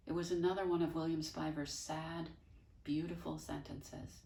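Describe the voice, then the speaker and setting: A woman teacher reading a children's novel aloud, expressive with wry, dry asides. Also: sits low, normal speed, vocal fry. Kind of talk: storybook read-aloud. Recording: echoey room, voice from far off.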